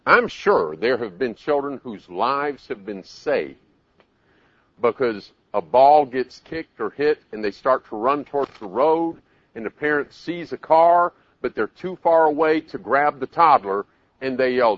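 A man giving a live parenting talk, animated, acting out parents and children in raised voices. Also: mid-range voice, unhurried, long pauses, dry recording, lo-fi sound. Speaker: parenting speaker.

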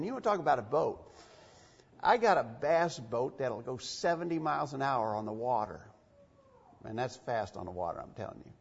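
A man's voice: mid-range voice, sing-song, moderate pace, creaky, slightly rough. A man preaching a sermon in a church, emphatic and given to repeating phrases for stress. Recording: dull, echoey church recording.

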